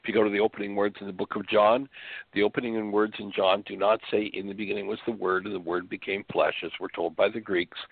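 Gravelly-voiced man preaching over a phone line. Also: on the low side, level tone, quick pace, dry recording. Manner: earnest, preaching with rhetorical questions. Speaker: radio show host. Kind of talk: spiritual teaching talk. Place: bedroom at home. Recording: phone-line call audio, dry.

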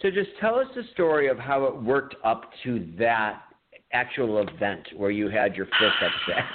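A man's voice: medium pitch, expressive, normal speed, very noisy. A man co-hosting a podcast, chatting casually, swearing often and teasing his friend. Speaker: podcast co-host. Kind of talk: casual crude chat. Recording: phone-like narrow sound.

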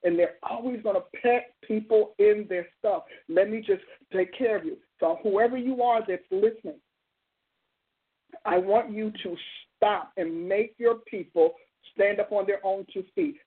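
Husky woman in her sixties preaching. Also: medium pitch, measured pace. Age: 60s. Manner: emphatic preaching, repetitive cadence. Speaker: pastor and call-in show host. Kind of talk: live call-in counsel and prayer. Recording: tinny phone-like sound.

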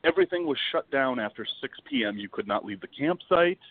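A man guesting on a podcast, telling a travel story in a lively, dramatic way and swearing freely. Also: mid-range voice, fairly quick, no echo. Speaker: podcast guest, wildlife video producer. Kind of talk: casual storytelling. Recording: dry, tinny phone-like line.

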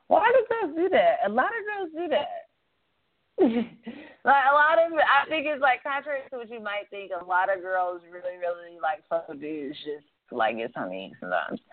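A young woman hosts a casual call-in show from her apartment, swearing freely and rambling in loose, blunt talk. Her pitch swings widely as she goes. The sound is thin and tinny, like a phone line. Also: big pitch swings, moderate pace. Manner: profane, blunt, rambling with laughs. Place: apartment room.

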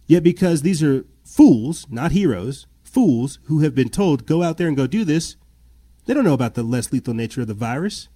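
A man's voice: mid-range voice, big pitch swings, fairly quick, dark tone. Agitated man ranting. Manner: agitated, repeats himself, voice rises when indignant. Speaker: podcast host. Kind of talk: impassioned commentary and reading news aloud.

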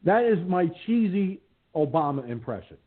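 A man's voice: sits high, big pitch swings, normal speed. A man hosting an internet radio show, chatting casually and rambling with plenty of fillers. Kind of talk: casual chat. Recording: phone-like lo-fi line.

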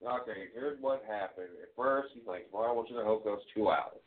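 A man's voice: fairly low pitch, fairly quick. A man co-hosting a radio show, rambling through a story in easygoing casual chat. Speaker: radio co-host. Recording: tinny phone-like sound.

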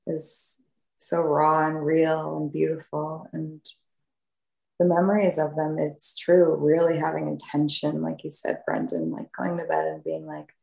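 A woman guest in a group discussion, musing in an unhurried, dreamy way. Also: low voice, creaky, darkish tone, reverberant, low-quality recording. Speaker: podcast guest.

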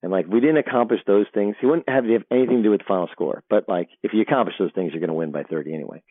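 A middle-aged man, a sports broadcaster, telling animated locker-room stories as an interview guest, often restarting his sentences. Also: fairly low pitch, racing, husky, dry recording. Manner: animated storyteller, frequent restarts. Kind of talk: storytelling interview. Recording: dry tinny phone line.

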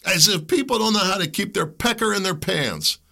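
A man's voice: sits high, lively intonation, fairly quick, vocal fry, sharp tone. A man from the United States hosting a podcast of impassioned political commentary, fervent and preachy, firing rhetorical questions and repeating words when heated. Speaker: podcast host.

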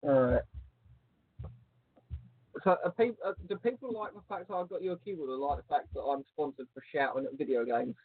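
A man co-hosting a casual chat show, teasing and joking in an animated way. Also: a little high, fairly quick, long pauses, breathy edge, dry recording. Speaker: podcast co-host. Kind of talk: casual banter. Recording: phone-like lo-fi line.

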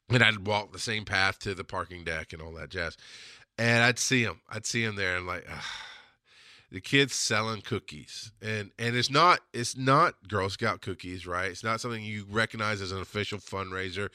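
A man's voice: lowish voice, bright, forceful tone, no echo, studio quality. A man hosting a solo podcast monologue, ranting with lots of swearing and wandering off on tangents. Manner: profane, ranting, digressive. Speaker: podcast host.

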